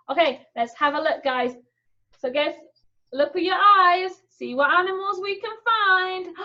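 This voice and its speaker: High, slow, playful woman teacher. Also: highs cut off. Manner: animated, playful, makes animal sounds. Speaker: sign language teacher. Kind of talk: children's lesson.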